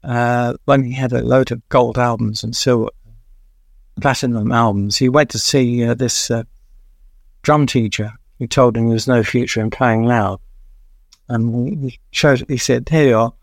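Older male guest, gravelly voice, dry close sound, rambling anecdotal storyteller with many pauses. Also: mid-range voice, fairly even intonation, no room sound. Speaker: veteran music journalist, guest.

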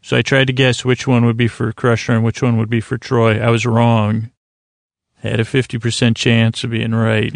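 A man talks through an episode in a relaxed, meandering recap, full of hesitations and restarts. His voice is gravelly and fairly monotone. The sound is close and dry. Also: mid-range voice, dry recording. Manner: rambling, hesitant, lots of fillers. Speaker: podcast host.

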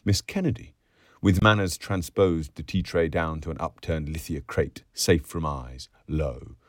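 A man's voice: a bass voice, fairly even intonation, unhurried, no echo, clean studio sound. A man reading a novel aloud, lyrical and theatrical, dropping to whispers and rising to bursts. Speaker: audiobook reader.

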